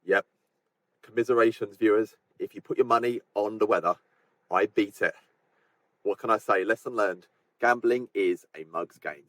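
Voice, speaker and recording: A man's voice: fairly low pitch, normal speed, a bit bright, no room sound. A young man talking chattily and cheerfully to a handheld camera while vlogging a hiking trip, with a self-mocking humour. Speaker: travel vlogger. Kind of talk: hiking travel vlog chat.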